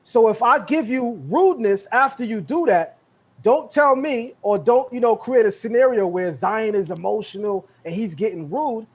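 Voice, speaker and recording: On a heated live podcast, a high-voiced male guest from Brooklyn, New York, dominates the conversation, emphatically repeating phrases to drive his points home. He sounds confrontational and insistent, speaking at normal speed with a breathy edge. The call audio is dull and lo-fi.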